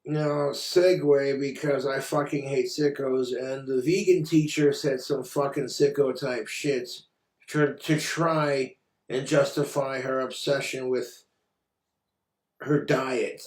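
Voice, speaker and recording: A man's voice: mid-range voice, darkish tone, echoey room. A man ranting in a commentary vlog, sarcastic, exasperated and full of swearing. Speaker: commentary vlogger.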